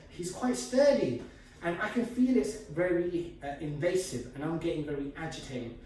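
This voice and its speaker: A man's voice: high-pitched, animated, moderate pace, darkish tone. A man teaching a martial arts technique, explaining step by step while he demonstrates. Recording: echoey room from far off, faint noise.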